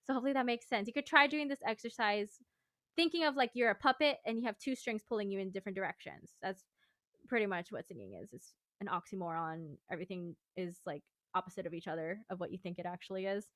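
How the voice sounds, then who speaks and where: A woman's voice: medium pitch, quick pace, a bit bright, no room sound, clean studio sound. A woman vocal coach giving a casual singing lesson, explaining exercises in a chatty, rambling way.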